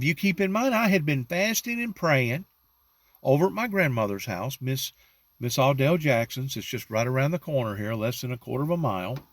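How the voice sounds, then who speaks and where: A middle-aged man, slowly telling a personal religious testimony with emphatic rising peaks. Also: mid-range voice, dry recording. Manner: slow, drawn-out storytelling with rising emphatic peaks.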